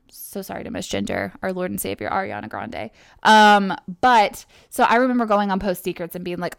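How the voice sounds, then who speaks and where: A young woman from Kentucky, USA, hosts her own podcast in a casual solo monologue, chatty and rambling, with plenty of fillers and self-corrections. Her mid-range voice is animated, creaky, clear and resonant, at normal speed, recorded dry with clean studio sound.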